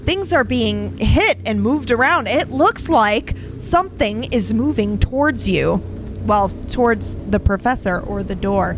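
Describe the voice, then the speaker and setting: A woman's voice: fairly high pitch, lively intonation, a little slow, music in the background, low-quality recording. A woman game master narrating a tabletop horror game, with hesitant restarts. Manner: hesitant, restarts while describing.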